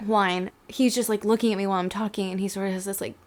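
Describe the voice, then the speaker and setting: A woman's voice: medium pitch, steady tone, fast, a little mellow. A young woman co-hosting a podcast, talking casually with many fillers. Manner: chatty, many "like" fillers, tearful at times. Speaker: podcast co-host. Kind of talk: casual chat.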